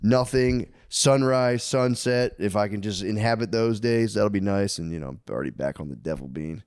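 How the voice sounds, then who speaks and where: A man in his thirties co-hosting a casual podcast, telling animated stories with swearing and squeaky impressions of his kids. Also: normal speed, clean tone, no room sound, clean studio sound. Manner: swears freely, says "dude" a lot. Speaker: podcast co-host. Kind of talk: casual chat.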